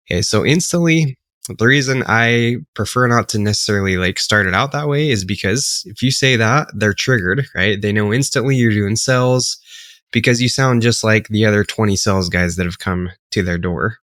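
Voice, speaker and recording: A man with a lowish voice talks through a sales pitch in a loose, casual coaching way. He fills gaps with ums and rights as he explains, and the recording is close and dry with no room sound. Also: normal speed, dry recording. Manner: relaxed, filler-heavy, explains step by step.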